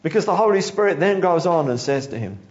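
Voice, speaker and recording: A man preaches a sermon in a high voice with lively rises and falls. He acts out the story and chuckles as he goes. The recording sounds dull and lo-fi. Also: fast. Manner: animated storytelling, acting out quotes, chuckling.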